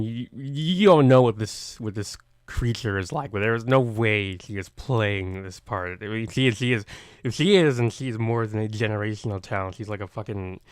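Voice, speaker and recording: Low-voiced man rambling in reaction. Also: clean tone, no room sound, studio quality. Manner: rambling, hesitant, many restarts. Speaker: reaction video host. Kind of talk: casual reaction commentary.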